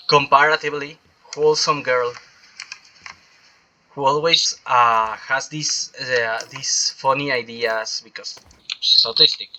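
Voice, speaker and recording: Very bright-voiced man rambling while gaming. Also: mid-range voice, a little hiss or hum, poor audio. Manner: opinionated, meandering monologue with restarts. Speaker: gaming streamer.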